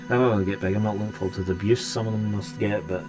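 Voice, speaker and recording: A man's voice: on the low side, steady tone, racing, over music. A Scottish man hosting a live stream and chatting casually with viewers, rambling and restarting his sentences often. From Scotland. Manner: rambling, hesitant, many restarts.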